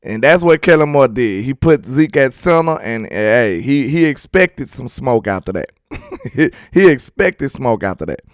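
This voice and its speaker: A man's voice: medium pitch, very animated, a little slow, no echo, clean studio sound. A young man hosting a casual football livestream, talking loosely to his chat and laughing often. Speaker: sports channel host.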